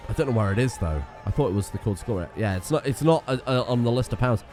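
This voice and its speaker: A man's voice: mid-range voice, expressive, rapid-fire, darkish tone, soft background music. A man casually commenting on his strategy game as he plays, chatty, swearing freely and often getting sidetracked. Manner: chatty, profane, easily sidetracked. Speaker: gaming streamer.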